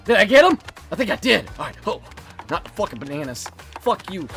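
A game streamer giving profane live commentary, shouting and laughing at the game. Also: medium pitch, very animated, a little fast, creaky, over music.

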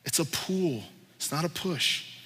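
Bright-voiced pastor, casual sermon. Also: male voice, on the high side, measured pace, breathy edge. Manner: casual and joking, with slang. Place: church hall. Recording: reverberant church hall.

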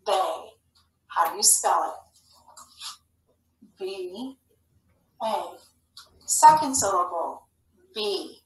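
A woman teaching a phonics lesson to young children, speaking clearly and patiently. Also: medium pitch, fairly bright tone. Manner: slow, clear, patient instructional delivery. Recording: echoey room, mic at a distance.

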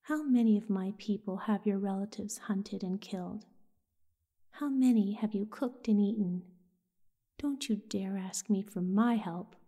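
A woman voicing an angry forest bird in a whispered storybook role-play, her delivery soft and accusing. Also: mid-range voice, a little slow. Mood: bitter.

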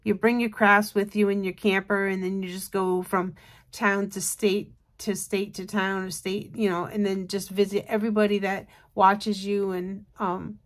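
A woman's voice: medium pitch, flat delivery, normal speed. Tired, chatty woman crafter. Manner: chatty, rambling, with many fillers. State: tired and yawning. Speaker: craft channel host. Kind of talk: casual show-and-tell chat.

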